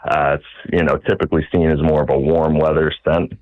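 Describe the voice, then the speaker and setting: Deep-voiced caller on a muffled line. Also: male voice, level tone, a little fast. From Southern United States. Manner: earnest, hesitant, polite. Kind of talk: phone-in question.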